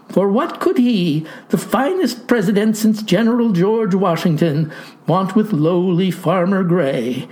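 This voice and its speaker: A man's voice: high voice, darkish tone. A man telling a comic monologue as a pompous older farmer, in a grandiloquent, mock-formal way. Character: pompous old farmer narrating in florid speech. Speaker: storyteller.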